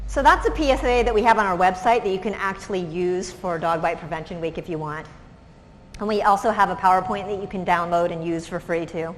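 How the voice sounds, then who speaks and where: A woman's voice: lowish voice, brisk. A woman giving a presentation, explaining in a conversational way with examples. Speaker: lecturer. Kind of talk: presentation talk. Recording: reverberant hall, faint background noise.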